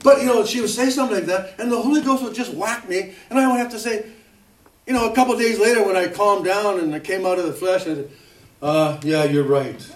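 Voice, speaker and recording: Man, middle-aged, preacher, sermon, high voice, chatty and self-mocking, distant mic, roomy church echo. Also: fast. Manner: conversational, self-mocking, frequent amens and hallelujahs. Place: church hall.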